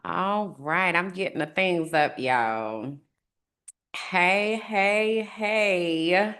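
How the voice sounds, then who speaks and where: A woman's voice: on the low side, very slow, a bit bright. A woman hosting a live-streamed podcast episode in casual chat, upbeat and chatty, greeting her viewers. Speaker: podcast host on a livestream.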